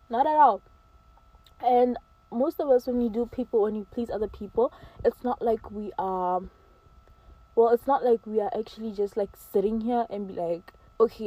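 A woman's voice: a little high, moderate pace, muffled recording. A teenage girl giving emphatic, preachy advice straight to camera, slipping into mocking quoted voices. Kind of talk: casual advice monologue to camera.

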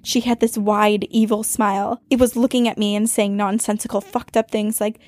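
A woman podcast host reading a listener's ghost story aloud, with dramatic storytelling that speeds up and slows down for suspense. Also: medium pitch, flat delivery, a little mellow, no room sound.

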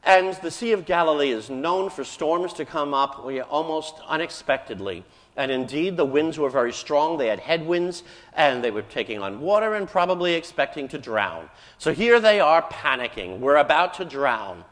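A man's voice: on the high side, lively intonation, moderate pace, a bit bright. A man who is a Catholic priest, preaching a homily in a conversational storytelling manner and voicing the people in his stories. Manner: conversational storytelling, acting out voices in quotes. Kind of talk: sermon. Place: church. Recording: live in a church with long reverb.

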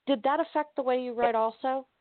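A woman's voice: high-pitched, a little fast, no room sound, narrow, tinny audio. A woman interviewing a writer, asking questions attentively and affirming his answers. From Southern United States. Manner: attentive, with brief affirming responses.

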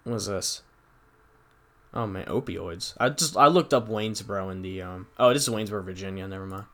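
A man's voice: sits low, fairly bright tone. Rambling young man reading the news. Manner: rambling, reads news aloud haltingly with asides. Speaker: podcast host. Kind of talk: solo casual news chat.

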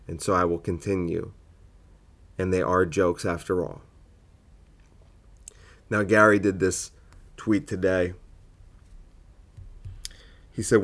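A man's voice: low-pitched, measured pace, long pauses. A man hosting a casual solo comedy podcast, rambling and sidetracked, full of fillers and self-corrections.

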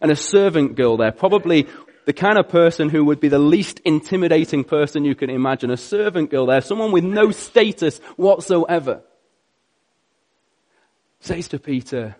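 Man preaching, somewhat high voice, earnest storytelling, shifts between loud and hushed. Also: lively intonation, normal speed. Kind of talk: sermon.

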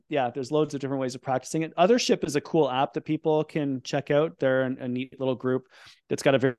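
A man's voice: medium pitch, darkish tone, dry recording. Upbeat middle-aged man explaining. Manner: explanatory, upbeat, talks in quick bursts. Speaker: guest expert on breathing and performance. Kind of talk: casual podcast conversation, guiding a breathing exercise.

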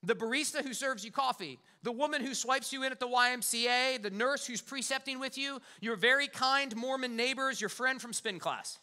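Bright, high-voiced male preacher. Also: moderate pace, hardly any pauses. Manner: emphatic, conversational preaching with repetitions. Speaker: pastor. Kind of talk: sermon.

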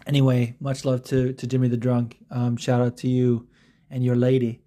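A man's voice: mid-range voice, completely flat delivery, moderate pace, dark tone. Profane rambling male podcast host. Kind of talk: casual solo podcast chat.

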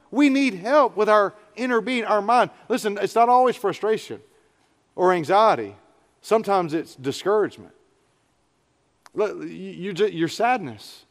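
High-voiced preacher in a reverberant church. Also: male voice. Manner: earnest, conversational preaching with prayerful asides. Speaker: pastor. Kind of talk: sermon. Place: church sanctuary.

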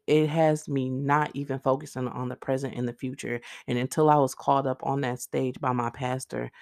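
Woman rambling on her podcast, low gravelly voice, dry close sound. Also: no echo. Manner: earnest, rambling, heavy on "like" and "literally"; speaks directly to listeners. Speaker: podcast host. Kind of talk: casual faith-based monologue.

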